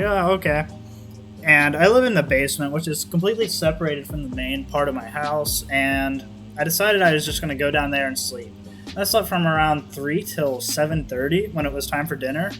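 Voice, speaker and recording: A man's voice: fairly high pitch, a bit bright. A young man in his late teens, rambling through a personal story to camera, swearing a lot and filling gaps with "kinda like.". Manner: rambling, profane, lots of "kinda like" and fillers. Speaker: vlogger.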